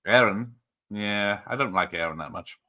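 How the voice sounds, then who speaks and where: Hosting a casual online film watch party, a man jokes, rambles and laughs often while chatting over the movie. His voice is on the low side and sharp in tone, at a normal speed.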